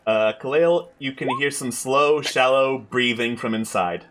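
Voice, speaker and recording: Male tabletop GM, slow and clipped narration. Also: mid-range voice, noisy background. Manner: terse, deliberate scene narration. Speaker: game master.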